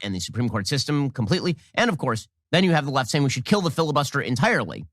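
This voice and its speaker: A man talks at a very fast clip, his pitch leaping around as he drives home sardonic, emphatic points. The sound is dry and close. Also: sing-song, fairly bright tone, dry recording. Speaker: political commentator. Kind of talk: rapid political commentary.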